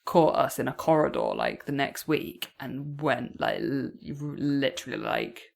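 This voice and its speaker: Low, creaky-voiced woman chatting. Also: wildly swooping pitch. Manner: halting, lots of "like", trails off softly. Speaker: podcast co-host. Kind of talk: casual chat, personal anecdote.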